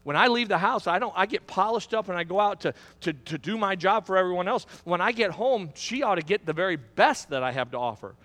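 A man's voice: sits high, lively intonation, brisk, few pauses, fairly bright tone, big-room sound. A middle-aged man preaching a sermon as pastor, building to emphatic, repetitive climaxes. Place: church sanctuary.

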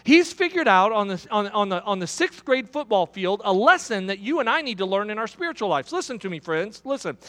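A middle-aged male pastor delivers a sermon in a high, bright voice with a sharp edge. He tells stories to the congregation, speaks to them directly, and often builds into loud, high-pitched preaching. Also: big pitch swings, brisk, hardly any pauses, big-room sound. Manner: storytelling with direct appeals to listeners.

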